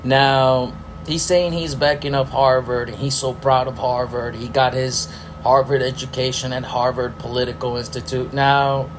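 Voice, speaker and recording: A man's voice: medium pitch, flat delivery, normal speed, slight background noise, low-quality recording. A middle-aged man hosting a podcast, ranting angrily with profanity and sarcastic rhetorical questions. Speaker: podcast host. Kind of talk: ranting political commentary.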